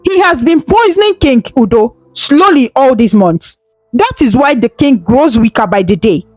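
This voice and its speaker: A woman's voice: sits high, lively intonation, normal speed, a little mellow, dry recording, soft background music. A woman storyteller voicing a desperate young woman who pleads through tears with a trembling voice. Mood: pleading.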